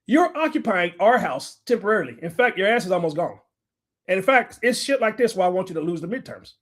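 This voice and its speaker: An American man in his forties, a general contractor who hosts livestreams, rants bluntly and profanely in heated commentary. His voice sits high, sing-song, and fairly quick.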